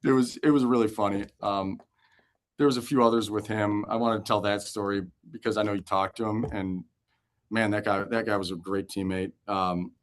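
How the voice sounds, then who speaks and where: On an interview show, a roughly forty-year-old ex-pitcher recounts locker-room anecdotes at a normal speed. He keeps it animated and casual, swears without hesitation, and laughs as he talks.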